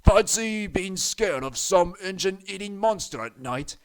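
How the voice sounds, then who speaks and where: A man's voice: fairly high pitch, animated, a little slow. Man doing a smug jeering diesel. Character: smug male diesel twin, mocking.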